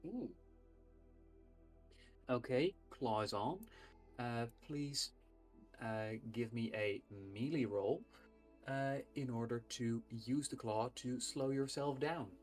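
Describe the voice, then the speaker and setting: Slow, halting game master. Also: mid-range voice, a little mellow, soft background music. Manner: slow and halting, with many "uh" pauses. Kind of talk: narrating a tabletop game on a livestream.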